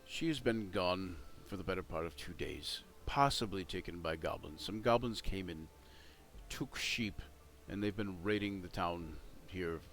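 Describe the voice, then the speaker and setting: A man narrating as game master of a tabletop game, talking in halting starts with many fillers, with faint music behind. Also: low-pitched, lively intonation, fairly bright tone.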